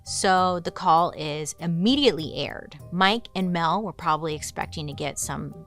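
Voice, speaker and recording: Woman hosting a true crime podcast, bright voice, lowish, chatty with lots of likes. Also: normal speed, faint music behind. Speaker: podcast host. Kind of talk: casual true crime storytelling.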